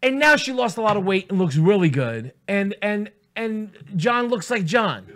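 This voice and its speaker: A man with a very high, bright, forceful voice tells crude stories in loose comedic banter. His delivery is profane and animated, and he keeps the jokes rolling as a show co-host. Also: moderate pace. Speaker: podcast co-host.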